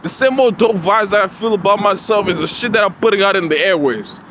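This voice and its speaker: High, bright-voiced man ranting profanely. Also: brisk, slight background noise, low-quality recording. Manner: profane, rambling, repeats himself. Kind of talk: casual rambling monologue. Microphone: phone.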